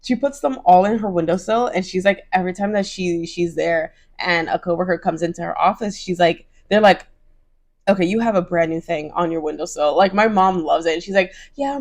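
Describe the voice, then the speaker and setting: Her voice is fairly low and creaky as this young woman talks casually to camera for a crochet vlog. She gushes throughout, leaning on "like" and "oh my gosh," and puts on bright voices to quote other people.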